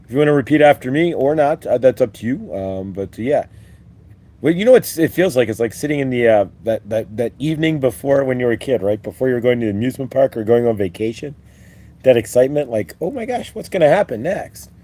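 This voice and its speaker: A man's voice: mid-range voice, fast talker, warm tone. A man hosting a live-stream spiritual talk, rambling and upbeat as he leads repeat-after-me affirmations. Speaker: host.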